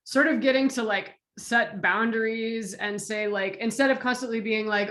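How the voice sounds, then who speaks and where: A woman's voice: fairly high pitch, normal speed, few pauses, fairly bright tone. A woman hosting an interview, chatting casually and encouraging her guest with frequent affirming murmurs. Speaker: interviewer, host.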